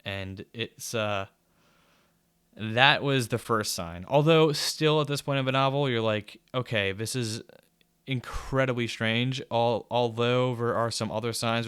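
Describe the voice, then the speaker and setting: A man rambles loosely through a book review, swearing casually and drifting into sarcasm. His voice is smooth, clear, a bit bright and on the low side, and the sound is dry and close with no echo.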